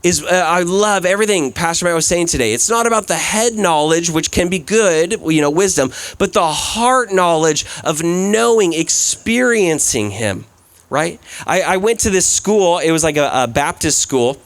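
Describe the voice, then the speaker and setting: A man's voice: a little high, lively intonation, moderate pace, no room sound. A man giving a sermon as a guest preacher, telling stories in a loose, conversational way with lots of "like" and "right?". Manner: conversational storytelling, frequent "like" and "right?". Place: events center, church service.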